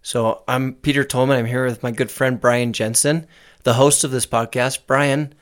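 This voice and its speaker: A man's voice: medium pitch, steady tone, moderate pace. A man interviewing a friend on a podcast, playful and teasing in a casual way. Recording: intro over faint music.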